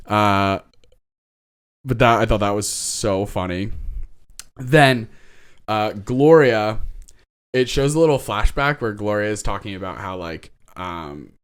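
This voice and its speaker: This male podcast co-host retells a TV episode in a relaxed way, full of animated side comments, acted-out dialogue, frequent laughter and the odd swear word. He speaks slowly with long pauses, in a lowish, clear, resonant voice.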